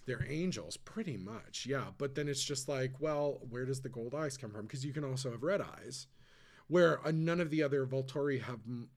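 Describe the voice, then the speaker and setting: A man co-hosting a podcast, chatting casually with lots of fillers and quick asides. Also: medium pitch, a little mellow. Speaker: podcast co-host. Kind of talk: casual chat.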